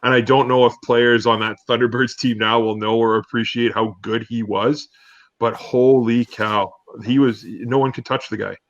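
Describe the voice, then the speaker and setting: A man's voice: medium pitch, fairly even intonation, moderate pace. A man co-hosting a sports talk show, chatting casually and telling rambling stories with lots of fillers. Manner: rambling, many fillers, storytelling. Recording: dull dry lo-fi audio.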